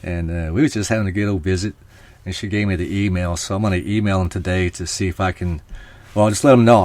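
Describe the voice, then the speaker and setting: A man's voice: low-pitched, fairly even intonation, quick pace, a little mellow, no room sound. A man hosting a live podcast stream, talking casually and rambling to his viewers. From Oklahoma. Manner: chatty, rambling, talks to viewers. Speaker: podcast host.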